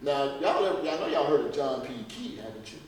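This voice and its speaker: A man's voice: mid-range voice, animated, fairly quick, slight background noise. Man lecturing in an echoey hall. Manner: rhetorical questions, folksy and emphatic. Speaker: health lecturer. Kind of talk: lecture to a church audience. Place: church hall. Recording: echoey hall recorded from far off.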